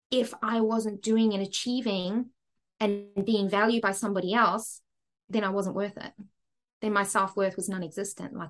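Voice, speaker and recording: A candid woman shares her life story as a podcast guest, talking frankly and with energy. She sits at a middling pitch and keeps reaching out to her listeners with quick asides and rhetorical checks. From Zimbabwe. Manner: frank and lively, with frequent asides and "right?".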